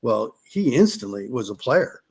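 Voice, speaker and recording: Rambling middle-aged racer telling stories. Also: male voice, mid-range voice, big pitch swings, a little slow, creaky, darkish tone, husky. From California. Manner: rambling, restarts, acts out quotes. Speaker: podcast guest, former off-road racer. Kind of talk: casual storytelling.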